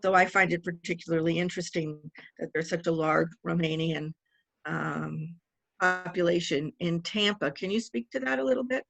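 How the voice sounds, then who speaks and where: Gravelly-voiced woman interviewer, dry sound. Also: on the low side, fairly bright tone, dry recording, low-quality recording. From Miami. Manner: measured, curious questioning. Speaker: interviewer, museum director. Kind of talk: interview questions. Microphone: video call.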